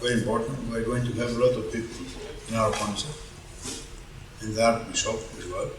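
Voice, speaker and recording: A man teaching Byzantine chant in a workshop, explaining slowly and carefully and often chanting note names. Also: fairly low pitch, fairly even intonation. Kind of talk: workshop lesson. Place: parish hall. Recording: roomy hall, distant mic, faint hum.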